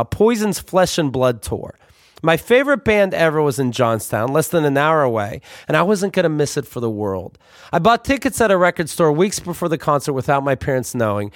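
Deadpan male comic storyteller. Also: fairly high pitch, no room sound, studio quality.

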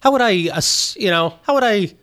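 Loud, jokey male podcast host. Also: sits high, lively intonation, fairly quick. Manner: loud, jokey, slips into voices. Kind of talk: casual comedy chat.

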